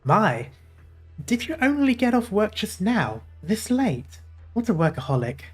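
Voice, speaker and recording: A man's voice: high voice, very animated, unhurried, breathy edge, faint music behind, pitched above the performer's own voice, exaggerated voice. A man reading the lines of a sly, teasing female character from a game story, in a lightly raised, mocking voice.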